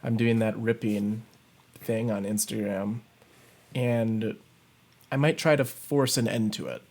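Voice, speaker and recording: A man's voice: lowish voice, steady tone, slow pace, darkish tone. A man co-hosting a podcast, chatting casually in a joking, conversational way. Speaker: podcast co-host. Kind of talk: casual chat.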